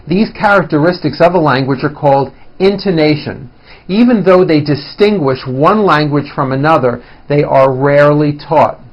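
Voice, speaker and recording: A man delivers a scripted pronunciation lesson. He speaks slowly and deliberately in a slightly raised voice, exaggerating the rises and falls of his phrases to show the melody of speech. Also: on the high side, low-quality recording. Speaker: English teacher.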